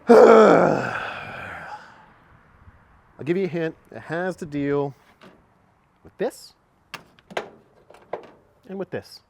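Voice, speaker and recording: A man's voice: a little high, slow, pauses often, background noise. A man casually talking through a car repair in a vlog, chatty and self-mocking, recorded outdoors by a truck on a camera mic. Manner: chatty, self-mocking, gets long-winded.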